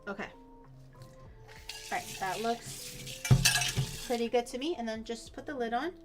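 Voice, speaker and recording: High-voiced chatty woman cooking on stream. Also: measured pace, over loud music. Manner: chatty, rambling, swears casually, explains as she goes. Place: home kitchen.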